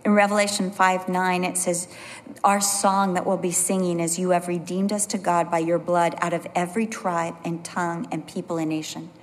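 A woman preaching a sermon, telling personal stories in an animated way and dropping to a low, soft voice for emphasis. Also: normal speed. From California. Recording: long hall reverb.

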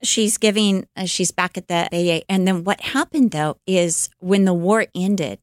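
A woman's voice: lowish voice, measured pace, no echo. Storytelling woman with a dry sound. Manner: animated storyteller, fillers, acts out quotes. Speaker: podcast co-host and storyteller. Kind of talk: casual retelling of a life story.

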